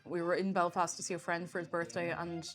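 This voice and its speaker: A woman's voice: on the low side, flat delivery, brisk, faint music behind. A young woman with an Irish accent, chatting casually on a live stream, rambling and laughing often.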